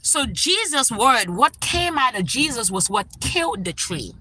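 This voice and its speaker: A woman's voice: a little high, sing-song, a little slow, bright, forceful tone, a little hiss or hum, poor audio. A woman hosting a casual spiritual livestream, talking with feeling and often checking in with "right?". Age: adult parent. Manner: emotional, tearful at times, many "right?" asides. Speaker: livestream host.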